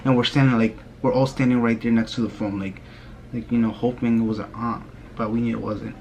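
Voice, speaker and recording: A young man vlogger telling a spooky story in a casual, rambling way, often dropping his voice low and filling with "like". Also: little pitch movement, brisk, gravelly, a little hiss or hum. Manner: rambling, hushed telling with many "like" fillers.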